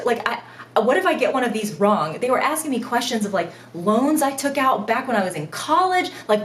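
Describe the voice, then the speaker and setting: A young woman, a mother and vlogger, telling a travel mishap story in an animated, self-mocking way with frequent laughter. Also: mid-range voice, roomy sound, a little hiss or hum. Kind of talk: storytime vlog.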